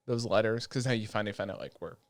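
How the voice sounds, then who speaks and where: A man co-hosting a casual anime podcast, excitable and profane, retelling scenes with animated energy. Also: lowish voice, quick pace, vocal fry, no echo. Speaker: podcast co-host.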